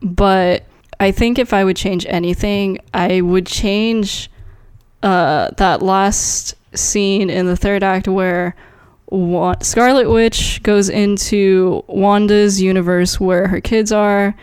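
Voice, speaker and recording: Unhurried woman co-host, lots of "like". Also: mid-range voice, steady tone, a little mellow, smooth. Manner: unhurried, filler-heavy, lots of "like". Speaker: podcast co-host. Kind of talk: casual chat.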